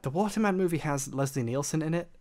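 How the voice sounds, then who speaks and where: A man's voice: a little high, fast. A young man streaming games, chatting casually, reading chat aloud and laughing easily. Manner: excitable, laughs loudly, reads chat aloud.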